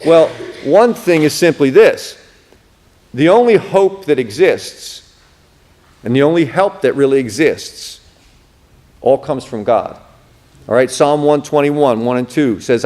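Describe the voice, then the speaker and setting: A man's voice: a little high, lively intonation, measured pace, pauses often, darkish tone. A man, a pastor teaching a Bible class in a conversational lecture, who acts out the words he quotes with expression and drops casual asides. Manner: casual, asides like "you know what I mean".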